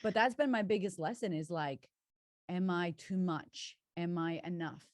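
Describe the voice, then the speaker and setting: A woman's voice: lowish voice, a little slow, dry recording, clean studio sound. A woman guest talking candidly and expressively, swearing freely as she tells her story. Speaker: guest, confidence coach. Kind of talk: candid casual conversation.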